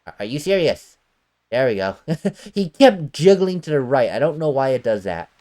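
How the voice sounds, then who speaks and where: A woman's voice: very deep voice, sing-song, normal speed, dark tone. A woman playing a video game and chatting casually, with wry, sarcastic asides. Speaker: let's play gamer. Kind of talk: casual gameplay commentary. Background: faint game music.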